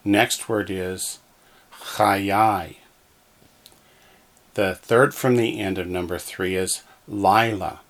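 A man's voice: low voice, steady tone, extremely slow, pauses often, a bit bright. A man teaching a language lesson, patiently saying each word twice so that listeners can repeat after him. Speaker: Hebrew teacher. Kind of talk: slow, deliberate language lesson.

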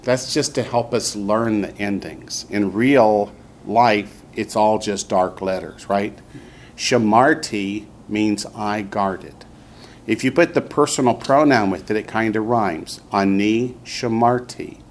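Patient male teacher with a low voice. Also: slow, a little hiss or hum. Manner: patient, repeats student answers. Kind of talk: classroom language lesson.

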